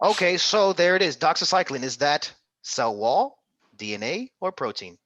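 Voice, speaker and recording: A man's voice: on the high side, very animated, moderate pace, a bit bright, no room sound, lo-fi sound. A man tutoring an interactive online medical exam class, upbeat and coaxing, calling on students by name.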